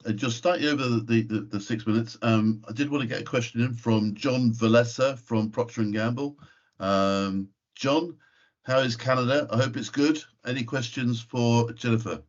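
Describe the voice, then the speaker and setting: Male webinar moderator, middle pitch, brisk, lo-fi call sound. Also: steady tone. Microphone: video call. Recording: dull lo-fi video call audio.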